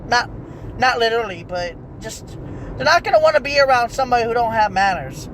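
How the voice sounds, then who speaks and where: A young adult vlogger with a drawl rambles on from the driver's seat. The talk circles back on itself with animated asides. A faint hum of traffic sits behind the voice. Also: medium pitch, brisk. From Texas. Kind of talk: casual rant while driving.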